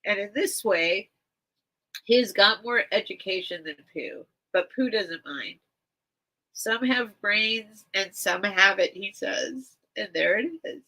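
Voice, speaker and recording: A woman's voice: medium pitch, slow, sharp tone, low-quality recording. A woman hosting a casual livestream, reading a children's book aloud and rambling between pages, teary and close to crying. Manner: rambling, chatty, heavy on "like" fillers. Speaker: livestream seller.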